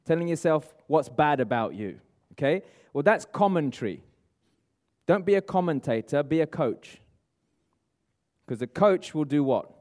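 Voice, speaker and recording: A man giving a lively motivational seminar talk, asking the room and viewers at home questions. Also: on the high side, a little slow. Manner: energetic, coaching, asks the audience questions. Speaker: motivational speaker. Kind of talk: live seminar talk to room and online audience.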